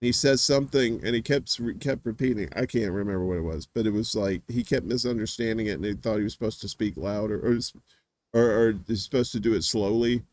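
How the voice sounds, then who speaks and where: A man hosting a casual live-stream chat, telling rambling stories full of filler words and dropping into quick voice impressions. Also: lowish voice, darkish tone, no room sound. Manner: does quick voice impressions of others. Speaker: host.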